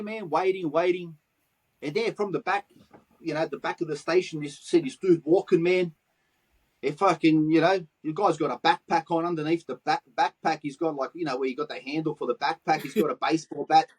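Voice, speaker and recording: A man's voice: fairly high pitch, steady tone, moderate pace, breathy edge, low-quality recording. A man with a Western Sydney Australian accent, telling stories in a casual interview and swearing freely in street slang. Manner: profane street slang, acts out quoted dialogue. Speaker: guest, graffiti artist.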